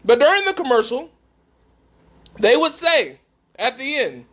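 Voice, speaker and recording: A man with a strikingly high voice preaches to a gathered group. He talks emphatically and keeps pressing his listeners with direct questions. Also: big pitch swings, a little slow, long pauses, a bit bright. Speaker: speaker at a faith gathering. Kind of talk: preaching talk to a live group.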